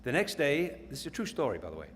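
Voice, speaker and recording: A man's voice: on the high side, wildly swooping pitch, fast. English man telling a story in a hall. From England. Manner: rambling, with stumbles and restarts. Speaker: company event speaker. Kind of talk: storytelling speech to an audience. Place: large event hall. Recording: echoey hall with faint noise.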